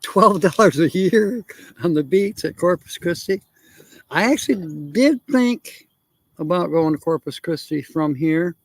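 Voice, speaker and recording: A man's voice: fairly high pitch, expressive, measured pace, vocal fry, breathy edge, no room sound. A man hosting a casual RV-life livestream, rambling and chuckling as he answers viewer comments. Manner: rambling, chuckling often, thinking aloud. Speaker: RV livestream host.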